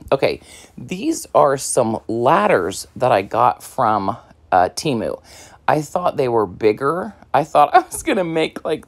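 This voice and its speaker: A woman talks her viewers through a craft project at her home table in easygoing, rambling fashion, full of ums and you-knows. Her pitch swings up and down in a lively way. She sounds slightly out of breath. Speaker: craft vlogger. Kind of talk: casual crafting tutorial talk.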